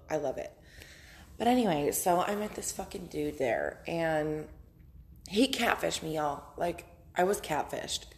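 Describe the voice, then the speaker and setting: Brief: young woman, hungover podcast host, blunt and profane, low-ish gravelly voice. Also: a little mellow. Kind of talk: casual monologue podcast. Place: her house, indoors.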